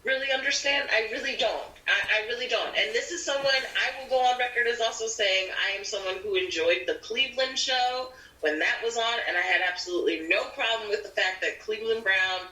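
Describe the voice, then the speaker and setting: A woman's voice: on the high side, fairly quick, few pauses. A woman actor, a podcast guest, chatting casually and acting out the people in her stories. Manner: animated, acts out quoted people. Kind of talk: casual storytelling chat. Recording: roomy audio from a distant mic.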